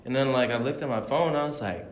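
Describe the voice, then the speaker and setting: A man's voice: medium pitch, fast talker, roomy sound, a little hiss or hum. A young man co-hosting a podcast, telling a story in a laid-back, slangy way. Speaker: podcast co-host. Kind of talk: casual chat.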